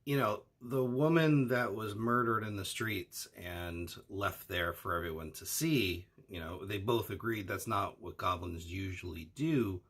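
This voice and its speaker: A man's voice: on the low side, a little slow, few pauses, a bit bright, slightly rough. A man co-hosting an anime discussion, asking his partner questions and hedging with fillers as he talks. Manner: asks questions, hedging with fillers like "uh" and "you know". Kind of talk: casual analytical discussion.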